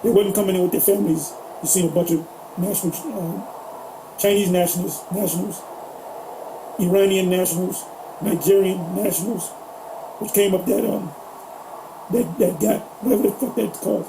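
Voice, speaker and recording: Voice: mid-range voice, steady tone, normal speed, long pauses, noisy background. A co-host talking casually about politics, rambling, swearing and fumbling for words. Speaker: podcast co-host.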